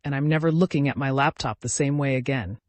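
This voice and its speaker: A man's voice: mid-range voice, fast talker, dry recording, lightly acted. A man voicing a frightened, remorseful young woman who pleads earnestly. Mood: weary.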